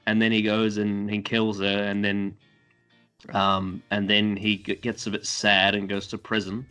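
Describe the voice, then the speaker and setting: A man in a casual podcast chat, rambling through a TV plot with lots of fillers and mocking quick impressions of the characters. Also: fairly low pitch, little pitch movement, sharp tone, clear, resonant tone, faint music behind.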